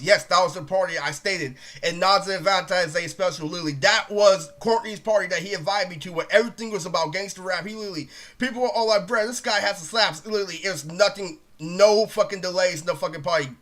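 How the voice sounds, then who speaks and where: Fast, bright-voiced young man ranting. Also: sits high. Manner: profane, rambling, says "literally" constantly. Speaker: vlogger. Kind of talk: casual storytime rant.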